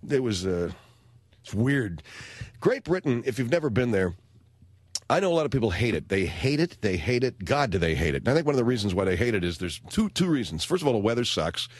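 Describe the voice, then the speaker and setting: A middle-aged American man hosting a talk radio show, telling stories in a wry, animated way. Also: mid-range voice, brisk, no echo. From United States.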